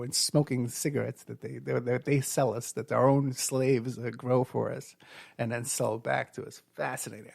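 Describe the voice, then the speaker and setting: On a radio show, a middle-aged man spins rambling stories, stumbling through many fillers and restarts. His mid-range voice is gravelly and slightly rough, captured in clean studio sound without any room sound.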